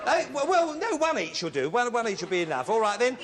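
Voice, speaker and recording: A man with an English accent hosting a live TV game show, teasing contestants with quick jokes and asides. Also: very high-pitched, sing-song, a crowd in the background. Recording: 1970s TV studio with loud audience.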